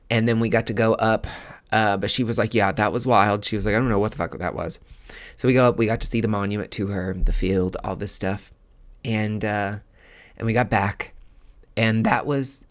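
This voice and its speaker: A man's voice: on the low side, a bit bright. Candid, emotional male podcast host. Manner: candid, emotional, given to filler words and restarts. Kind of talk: casual personal storytelling.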